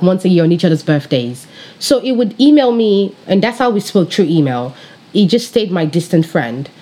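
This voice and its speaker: Bubbly Nigerian woman pastor, lively pitch. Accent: Nigerian, with British influence. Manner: bubbly, animated, laughs often, speaks straight to viewers. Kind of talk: personal faith testimony, casual storytelling.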